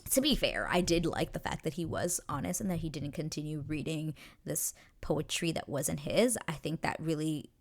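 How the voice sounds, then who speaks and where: A young woman hosting a casual reaction recap, excitedly retelling scenes, swearing freely and acting out the characters' lines. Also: low voice, normal speed, hardly any pauses. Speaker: show reaction host.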